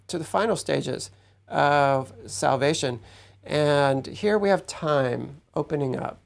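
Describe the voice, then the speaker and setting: A man giving a measured Bible teaching to his congregation, often checking in with "right?". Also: a little high, vocal fry. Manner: explanatory, measured, asks "right?" to listeners.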